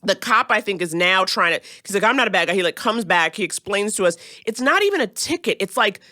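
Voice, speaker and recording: A woman telling a funny story on a podcast in casual chat, lively and animated, slipping into voices for the people in it. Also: medium pitch, brisk, no echo, clean studio sound. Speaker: podcast guest.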